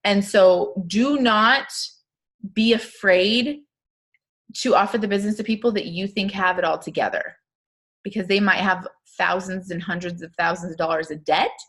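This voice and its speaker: A woman's voice: medium pitch, fairly even intonation, moderate pace, a bit bright. Chatty, upbeat woman coaching her team. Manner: casual, chatty, lots of fillers and asides; upbeat and emphatic. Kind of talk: live-stream coaching talk.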